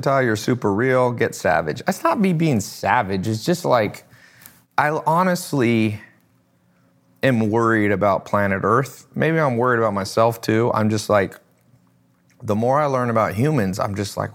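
A man's voice: medium pitch, lively intonation, measured pace. A man hosting a casual livestream as an e-commerce coach, talking bluntly and with lots of animation, swearing now and then and laughing at his own jokes.

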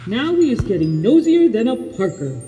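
A woman reading a storybook aloud and voicing a big, soft-hearted male giant who talks in mangled grammar. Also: a little high, big pitch swings, moderate pace, big-room sound, loud music behind the voice. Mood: indignant. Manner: mangled grammar, tender and indignant.

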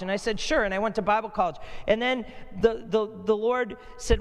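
High-voiced male pastor preaching in an echoey church. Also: a little fast, few pauses. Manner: animated storytelling, rises high when excited. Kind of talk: sermon.

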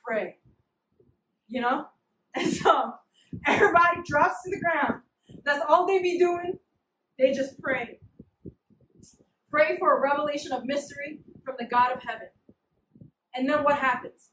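A young woman giving a casual, humorous sermon, slangy and animated, acting out little scenes. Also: sits high, moderate pace, pauses often, a little hiss or hum. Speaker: preacher. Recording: echoey room, mic at a distance.

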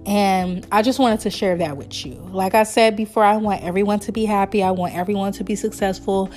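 A woman in her early thirties hosts her own podcast, rambling warmly between topics and breaking into laughter. Her voice sits at an ordinary pitch for a woman, with faint music underneath. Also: fairly even intonation, fairly quick. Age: 30s. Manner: chatty, rambling, laughs often, emotional and sincere. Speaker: podcast host. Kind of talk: casual solo podcast chat.

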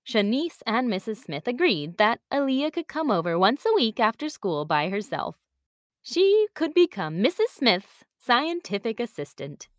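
A woman reading a children's story aloud with an expressive storybook cadence. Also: fairly high pitch, no room sound, studio quality.

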